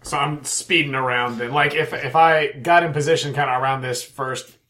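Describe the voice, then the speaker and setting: A man's voice: medium pitch, fairly even intonation, normal speed, bright, forceful tone. A man playing a tabletop game, casually describing what his character does. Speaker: player.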